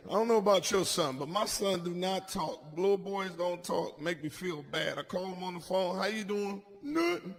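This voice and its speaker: Brash, high-voiced stand-up comedian man. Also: normal speed, few pauses. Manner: loud, brash, swings between growls and shouts. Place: comedy stage with live audience.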